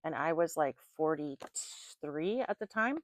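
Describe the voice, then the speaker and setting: A middle-aged woman giving a casual tarot reading, rambling into animated personal stories and laughing often. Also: low voice, measured pace, dry recording. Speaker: tarot reader.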